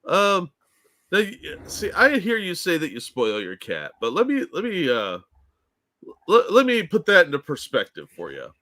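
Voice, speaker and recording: A man co-hosting a casual podcast, telling animated anecdotes and swearing freely. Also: high-pitched, moderate pace. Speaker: podcast co-host. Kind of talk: casual chat.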